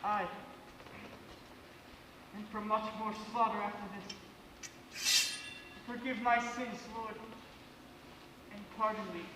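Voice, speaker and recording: A man's voice: high voice, flat delivery, slow, long pauses, noisy background. A man playing a doomed, pious king on stage, delivering a solemn prophecy in verse, recorded from far off in an echoey theatre. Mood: resigned. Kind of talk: stage acting of verse drama.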